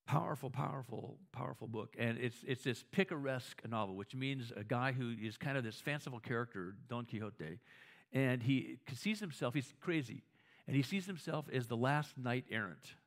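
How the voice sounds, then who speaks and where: A man's voice: mid-range voice, normal speed, creaky. Storytelling male preacher, casual sermon. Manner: storytelling, asks the audience for agreement; frequent restarts and repeated words. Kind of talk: conversational sermon.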